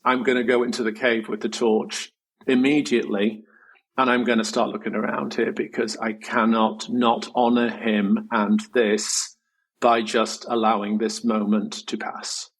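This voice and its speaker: Middle-aged male guest, breathy edge, earnest reflective storyteller, swears casually. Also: medium pitch, rough recording. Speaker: guest, designer. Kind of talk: candid personal storytelling in interview.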